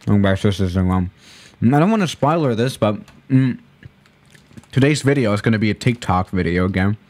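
A man's voice: lowish voice, animated, moderate pace, a little mellow. Man, flight sim streamer, casual live-stream chat, rambling, self-correcting, laid-back.

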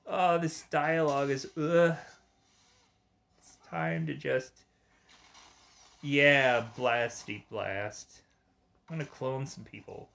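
A man giving casual gameplay commentary, reading the game's dialogue aloud in a rambling, halting way. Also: medium pitch, steady tone, gravelly, fairly bright tone. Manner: rambling, halting, with frequent fillers. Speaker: gamer.

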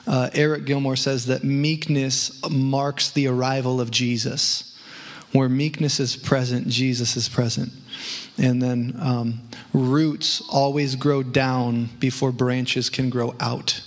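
A man in a church discussion reading short notes on faith in a measured way. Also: medium pitch, level tone. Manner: reads brief notes, measured. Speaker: church teacher. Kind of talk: sharing sermon notes in discussion.

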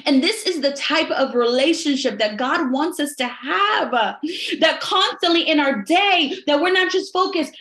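Woman, high voice, fervent Bible study teacher; roomy echo on the recording. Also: moderate pace, fairly bright tone. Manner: fervent, repeats phrases, says "right?" often.

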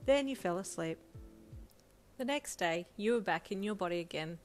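Woman, story reader, plain and steady, faint music under. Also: mid-range voice, moderate pace. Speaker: fanfiction reader. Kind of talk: second-person audiobook narration.

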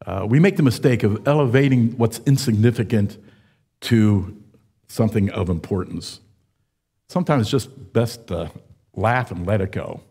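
A man in his seventies preaching a sermon, telling folksy stories with frequent pauses and fillers. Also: fairly low pitch, warm tone, slightly rough. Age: 70s. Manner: folksy storytelling, with many uh fillers. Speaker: pastor.

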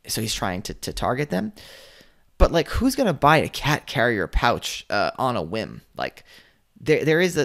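A young man giving a casual, rambling screen-share lesson on online selling, full of fillers and dry sarcasm. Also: mid-range voice. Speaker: online business teacher.

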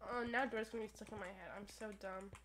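A young woman giving gameplay commentary at her computer, full of crude, profane, playful trash talk and quick rants. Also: mid-range voice, steady tone, a bit bright. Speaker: gaming YouTuber. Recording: noisy recording with keyboard clicks.

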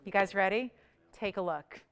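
A woman hosting a live shopping channel, giving an upbeat, persuasive sales pitch straight to the viewers. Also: moderate pace, fairly bright tone, clear, resonant tone.

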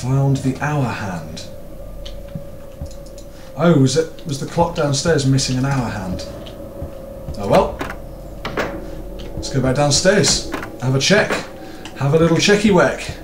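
A man's voice: medium pitch, big pitch swings, slow pace, long pauses, reverberant, noisy background. A British man commentating a horror game, nervous and jokey, swearing a lot and screaming in fright. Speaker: gaming YouTuber.

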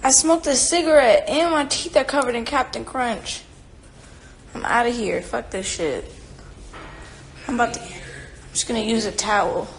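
A woman's voice: fairly high pitch, moderate pace, pauses often, a little hiss or hum. A young woman chatting casually on a livestream at home, rambling and swearing freely as she reads viewer comments aloud. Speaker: singer on a livestream. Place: home, indoors. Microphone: phone.

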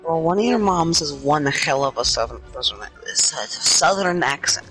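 A man's voice: fairly high pitch, expressive, moderate pace, fairly bright tone, soft background music, low-quality recording. A young man chatting casually while playing a video game, teasing his friend and rambling through his own corrections. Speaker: gaming YouTuber. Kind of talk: casual gaming chat.

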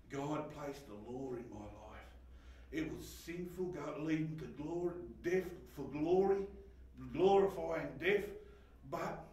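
A pastor gives a heartfelt sermon testimony, his voice running high as he swings from loud outbursts to near-whispers. He is heard from across a very echoey church hall. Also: far from the mic, slight background noise. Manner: emotional, swings from shouting to hushed, laughs often.

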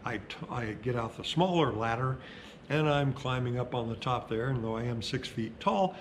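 A middle-aged male pastor who preaches in a conversational, storytelling way and slows down for emphasis. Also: medium pitch, slight background noise. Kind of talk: sermon.

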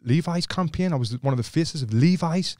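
A man's voice: fairly high pitch, animated, a little fast, a little mellow, no echo, studio quality. A man, a former boxer, telling stories as a podcast guest in casual chat, swearing freely and acting out the lines of the people in his stories. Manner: swears freely, retells dialogue with gusto.

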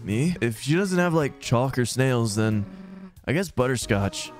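A man voicing a gruff, brash teenage monster girl in a game, blunt and swearing. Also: medium pitch, lively intonation, unhurried, soft background music, natural voice.

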